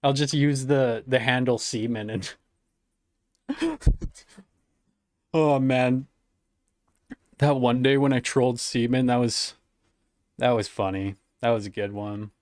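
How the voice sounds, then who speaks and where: A man talks over his stream in a relaxed, mocking way, laughing at his own jokes and swearing freely. His voice sits at an ordinary middle pitch. The sound is dry and close to the mic. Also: slow, long pauses, no room sound. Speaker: streamer reacting to clips. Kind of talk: casual live-stream commentary.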